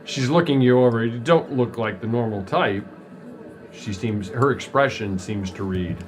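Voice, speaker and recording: Mid-pitched guy running a d&d game, laid-back scene narration. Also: crowd noise. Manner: descriptive, relaxed, with pauses. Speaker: game master.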